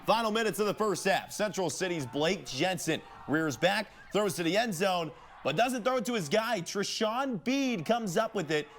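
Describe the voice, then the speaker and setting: A man co-anchoring a high school football highlights show, calling plays with energetic, joking punch. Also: normal speed, hardly any pauses. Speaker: sports news co-anchor.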